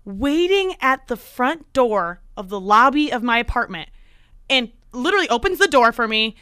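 A young woman with a high, bright voice tells a story on a casual chat podcast. Her tone is smooth and clear, she acts out every quote, and the sound is dry and close. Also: moderate pace, no room sound. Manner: animated storyteller acting out quotes. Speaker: podcast co-host.

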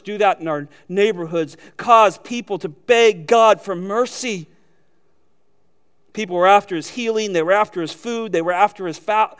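A man preaching a sermon with fervent emphasis, often repeating his phrases for force. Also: high voice. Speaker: pastor.

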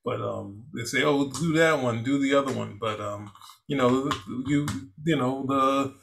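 A man with a gravelly, fry-edged voice talks through a film review in a loose, rambling way. He restarts his sentences often and laughs easily as he goes. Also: medium pitch, unhurried, fairly bright tone, slight background noise. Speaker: co-host. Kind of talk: casual film review chat.

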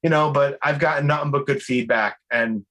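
A man's voice: medium pitch, a little fast, fairly bright tone. A man with a Brooklyn accent hosting a podcast, chatting loosely, swearing casually and going off on tangents. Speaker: podcast host. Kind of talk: casual chat.

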